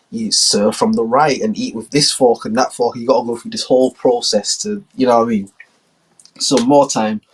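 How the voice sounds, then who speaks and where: A man's voice: medium pitch, breathy edge, low-quality recording. A man hosting a podcast, telling a story in a loose, slangy, rambling way. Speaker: podcast host. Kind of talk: casual storytelling.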